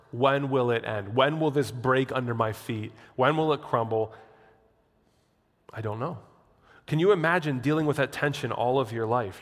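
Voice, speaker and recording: A man's voice: medium pitch, long reverb tail. A man preaching a sermon as the pastor, telling a story and acting out what people think to themselves. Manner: animated storytelling preacher, acts out inner voices.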